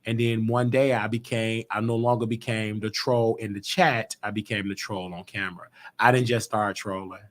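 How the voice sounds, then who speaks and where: The host of a YouTube talk show runs a call-in live stream from his own program, telling stories in loose slang and acting out other people's voices. He speaks at normal speed with few pauses, his voice on the low side.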